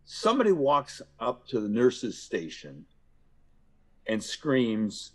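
Man, middle-aged, podcast guest, lively storyteller, medium voice. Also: mid-range voice, slow. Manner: animated storyteller, acts out examples. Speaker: guest, author and workplace violence speaker. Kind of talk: conversational podcast interview.

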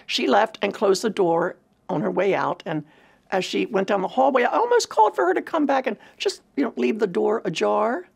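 Gravelly, husky woman telling her story. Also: mid-range voice, animated, moderate pace. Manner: earnest, reflective storytelling. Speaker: speaker at a women's ministry event. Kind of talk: personal testimony talk.

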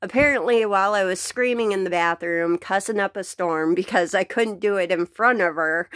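A woman's voice: mid-range voice, normal speed, a bit bright, no echo, studio quality. A woman venting bluntly to camera about her day, swearing freely and laughing between sentences, recorded at home. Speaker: vlogger. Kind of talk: casual venting rant to camera.

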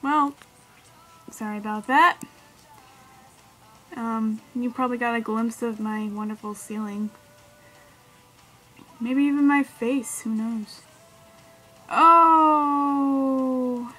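A woman's voice: a little high, slow, long pauses, fairly bright tone, faint music behind, rough recording. A woman doing let's play commentary, yelping and squealing as she reacts to the game. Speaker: gamer.

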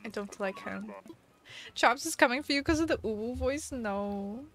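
Young woman, high voice, casual chatty live stream, giggles often, faint music underneath. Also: lively intonation, moderate pace. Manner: chatty, giggly, reads viewer messages aloud. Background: soft music.

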